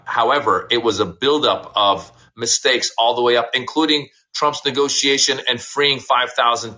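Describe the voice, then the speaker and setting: A man's voice: medium pitch, sharp tone. A man co-hosting a casual talk show, speaking bluntly and heatedly with many restarts. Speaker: podcast co-host. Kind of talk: casual political discussion.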